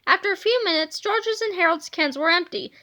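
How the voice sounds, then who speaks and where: Brief: woman reader, high and bright, animated children's read-aloud. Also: a little fast. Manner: animated storybook reading. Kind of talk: reading a children's book aloud.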